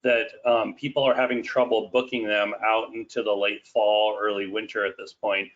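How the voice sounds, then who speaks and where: A man's voice: on the low side, flat delivery, fairly bright tone. Man moderating a muffled webinar. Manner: measured, reads out audience questions. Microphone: video call. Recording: dull lo-fi call audio.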